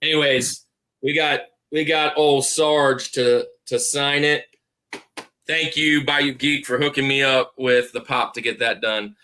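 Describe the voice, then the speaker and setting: A man's voice: mid-range voice, steady tone, unhurried, sharp tone. A man hosting a podcast in casual chat, rambling and repeating himself as he plugs friends. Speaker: podcast host.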